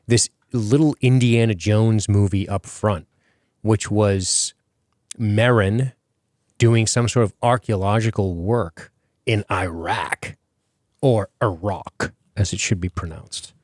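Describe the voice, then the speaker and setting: A man's voice: lowish voice, slow, a little mellow, no echo, studio quality. A man hosting a podcast in casual chat, rambling with many fillers and casual swearing. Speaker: podcast host.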